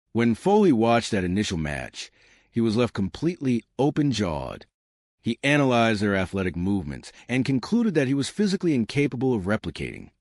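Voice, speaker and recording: A man reading scripted documentary narration in a measured, expository way. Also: lowish voice, no room sound, studio quality.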